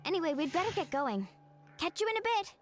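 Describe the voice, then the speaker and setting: A woman's voice: very high voice, very animated, a little fast, faint music behind. An actress voicing an upbeat young woman adventurer in a video game. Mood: cheerful. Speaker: game character.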